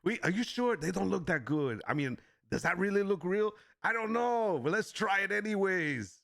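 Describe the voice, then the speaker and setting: A man's voice: high-pitched, expressive, moderate pace, gravelly, fairly bright tone, no room sound, clean studio sound, pitched above the performer's own voice, exaggerated voice. A man voicing a scheming young male online scammer who eagerly eggs on his partner.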